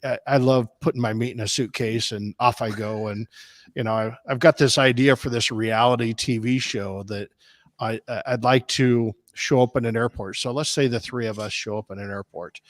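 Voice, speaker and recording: A man in mid-pitch spins a long, animated tale, stopping and restarting as he goes. His voice comes across dry and close. He is a barbecue competition cook from Des Moines chatting on a podcast. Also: moderate pace, dry recording. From Des Moines, Iowa, US. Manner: rambling, animated anecdotes with restarts. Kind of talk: casual storytelling on a podcast.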